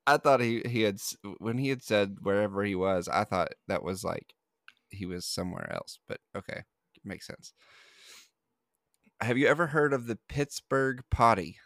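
Male podcast host, low voice, dry close sound, loose rambling delivery with fillers. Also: expressive, moderate pace, fairly bright tone, no room sound. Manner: rambling, with many fillers and restarts. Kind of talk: casual podcast chat.

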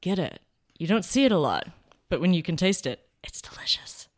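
A woman's voice: fairly low pitch, big pitch swings, a little fast, a little mellow. A woman hosting a wine podcast in a playful, rambling, self-mocking chat. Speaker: podcast host and wine expert. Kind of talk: casual chat.

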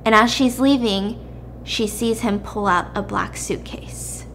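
A woman host casually recapping a drama plot with animated storytelling and quick asides to her co-host. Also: medium pitch, a little hiss or hum. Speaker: podcast host.

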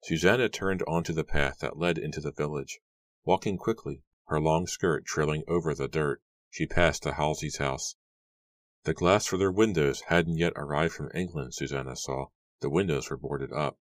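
A man with an extremely deep, low voice reads a story aloud as an audiobook narrator. He tells it in a steady, measured way, and the recording is close and dry with no room sound. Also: no echo. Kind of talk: scripted narration.

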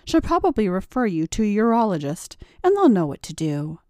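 A woman reading the part of a gentle middle-aged stepmother, soft, patient and motherly. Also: mid-range voice, big pitch swings, brisk, dry recording, clean studio sound, lightly acted. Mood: reassuring.

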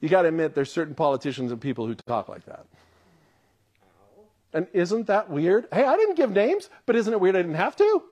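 Male pastor, somewhat high voice, lively storyteller who acts out quotes mid-sermon. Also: a little fast, dull audio.

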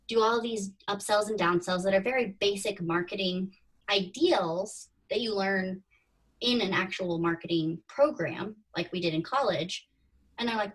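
A woman's voice: mid-range voice, moderate pace, a bit bright. A woman in her thirties, a podcast guest, chatting through her story and acting out her own past thoughts. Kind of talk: casual interview storytelling. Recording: distant from the mic.

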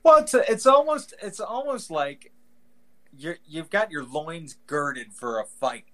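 A man's voice: fairly high pitch, lively intonation, takes it slowly. Rambling man on a podcast. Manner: rambling, heavy use of "like", exaggerated mock quotes. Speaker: podcast co-host. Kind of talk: casual chat.

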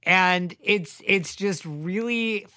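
A podcast co-host casually discussing a film, relaxed and halting, often searching for words. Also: mid-range voice.

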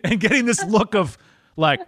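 Host, male, slight Wisconsin accent, slightly high voice, dry close sound, chatty and laughing. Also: expressive, moderate pace, fairly bright tone, no echo. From Wisconsin, USA. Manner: chatty storyteller, laughs often, acts out dialogue. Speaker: podcast host. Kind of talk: casual interview chat.

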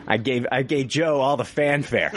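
A man hosting a casual podcast chat, animated and joking, laughing often and swearing casually. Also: mid-range voice, normal speed, a little hiss or hum. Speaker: podcast host.

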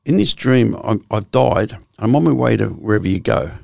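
An Australian man in his sixties tells his story as a guest, swearing freely and restarting his sentences. His low voice has a gravelly edge, and it sounds close and dry with no room echo. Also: lively intonation, brisk, darkish tone. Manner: blunt, profane storytelling with frequent restarts. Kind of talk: candid storytelling interview.

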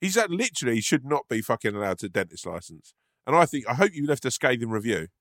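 A man's voice: medium pitch, very animated, fast, fairly bright tone, no echo, clean studio sound. A man, a podcast co-host chatting from home, jokey and sweary, laughing often. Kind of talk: casual chat. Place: at home, remote call.

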